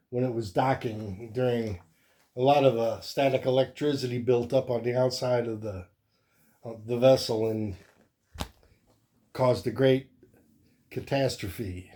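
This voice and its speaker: A man hosting a comic book show, chatting casually in a relaxed, rambling way with many fillers. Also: mid-range voice. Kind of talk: casual show-and-tell chat.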